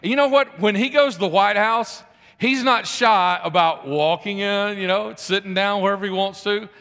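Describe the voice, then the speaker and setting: A man's voice: sits high, normal speed, a bit bright. A man preaching a conversational sermon, repeating phrases and putting questions to the congregation. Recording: long hall reverb.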